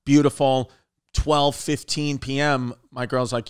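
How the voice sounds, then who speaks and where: A male comedy podcast host telling stories in a casual chat, jumping into loud acted quotes. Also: mid-range voice, flat delivery, takes it slowly, clear, resonant tone.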